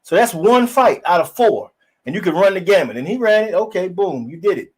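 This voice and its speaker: A man hosting a casual boxing talk show, blunt and profane, telling animated stories. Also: high voice, a little fast, husky. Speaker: podcast host.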